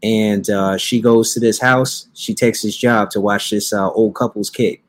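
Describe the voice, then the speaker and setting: A young man hosting a podcast, casually recapping a movie in a slangy, joking way and putting on quick voices for the characters. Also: fairly low pitch, steady tone. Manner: laid-back slangy storytelling with playful quoted voices. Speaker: podcast host. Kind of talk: casual comedic movie review.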